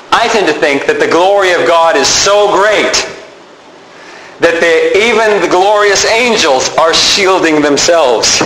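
Guy giving a sermon, kinda high voice, chatty, echoey room w faint hum. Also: a bit bright. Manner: conversational, explains with repeated examples. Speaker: pastor.

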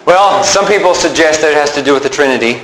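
Guy giving a sermon, kinda high voice, chatty, echoey room w faint hum. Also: fast talker, fairly bright tone. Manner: conversational, explains with repeated examples. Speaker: pastor.

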